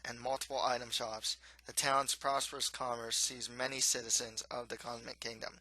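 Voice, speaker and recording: A man reading his own children's-style novel aloud, in steady, plain storybook narration with occasional slips. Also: medium pitch, dry recording, low-quality recording.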